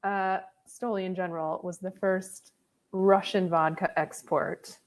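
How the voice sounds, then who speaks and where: A woman's voice: fairly low pitch, steady tone, a little slow. A young woman chatting casually on a podcast as guest co-host, giggly and eager to share trivia.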